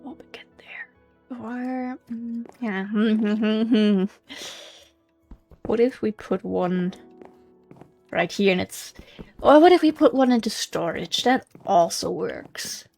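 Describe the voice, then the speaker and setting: A woman's voice: mid-range voice, very slow, creaky, mellow, soft background music. A woman with a slight German accent, thinking aloud as she hosts a casual gameplay commentary, musing and hesitant. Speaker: let's play host.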